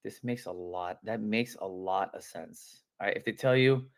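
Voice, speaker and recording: A man coaching real estate agents on a live-streamed sales training, talking in energetic, casual slang and acting out phone calls. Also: lowish voice, normal speed, gravelly.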